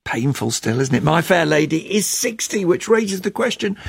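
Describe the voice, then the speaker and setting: Radio host guy, husky, bouncy pitch, wry chatty questions. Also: very animated, moderate pace. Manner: wry, conversational interviewer. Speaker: radio presenter. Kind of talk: live radio presenting.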